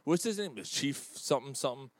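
A man's voice: mid-range voice, fast talker, no echo. A man hosting a casual sports talk show from a bar, joking around and swearing freely in loose banter. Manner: joking, profane, animated banter. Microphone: desk microphone.

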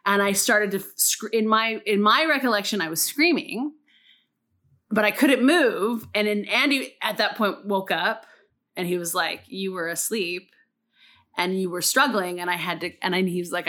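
A woman in casual chat, telling an animated story with lots of swearing and fillers. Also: mid-range voice.

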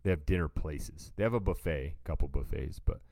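Very deep-voiced man telling a story. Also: brisk, vocal fry, mellow. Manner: laid-back, rambling, says "dude" a lot. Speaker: podcast co-host. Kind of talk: casual chat, storytelling.

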